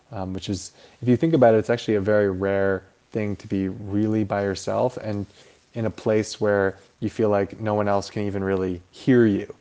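A young man talking through a reflective personal monologue, halting and soft-spoken, with many fillers and restarts. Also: lowish voice.

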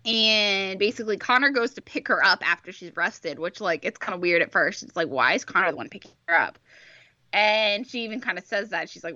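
A woman's voice: mid-range voice, animated, fairly quick, pushed and bright, dry recording. A woman co-hosting a casual fan chat, enthusiastic and full of fillers. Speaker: podcast co-host. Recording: dull lo-fi mic.

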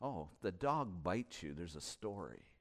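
A man preaching a sermon as pastor, impassioned, swinging from hushed and reflective to loud and urgent. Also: deep voice, very animated, a little slow.

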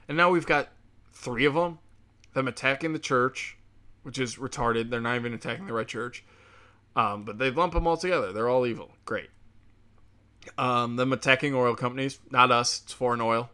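A man tears through a casual political rant full of profanity and biting sarcasm. His voice sits at an everyday middle pitch, and he talks like he is venting to friends rather than reading a script. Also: sharp tone. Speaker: commentator.

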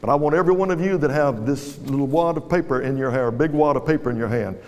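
A male guest pastor with a mid-range, slightly mellow voice preaches fast in a large church hall, exhorting the crowd with repeated commands. The live recording is reverberant, with music and the congregation audible behind him.

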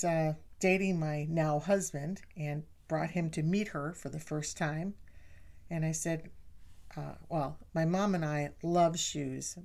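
A woman's voice: low voice, creaky. A middle-aged woman sharing personal family stories in a chatty way, laughing often and speaking directly to listeners. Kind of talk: personal storytelling talk.

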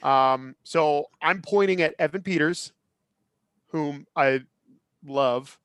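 Podcast guy, 30s, kinda high voice, rambles and opines, dry sound. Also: slow, no room sound. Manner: animated, opinionated, rambling with many restarts. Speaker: podcast co-host. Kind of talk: casual chat.

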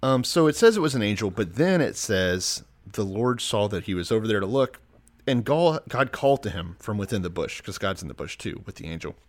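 A man's voice: fairly low pitch, big pitch swings, brisk. A man co-hosting a podcast, casually retelling a Bible story with swearing and laughter. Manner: laid-back storyteller, swears freely, laughs mid-sentence. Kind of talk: casual profane comedic chat.

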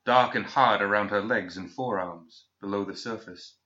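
A man narrates a fantasy story in a measured, steady reading voice. His tone is low yet bright and forward. The recording sounds dull and lo-fi.

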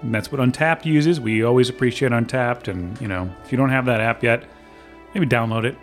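A man's voice: mid-range voice, brisk, faint music behind. A man hosting a casual beer podcast in an easygoing way, steering the talk between segments. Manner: easygoing, laughs along, runs the segments. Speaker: podcast host. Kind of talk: casual chat.

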